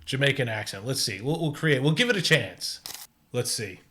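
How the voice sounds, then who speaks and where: A man's voice: mid-range voice, expressive, sharp tone. Hesitant man talking through a test. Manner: halting, many restarts and fillers. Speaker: host testing an AI music tool. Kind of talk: casual screen-recorded commentary.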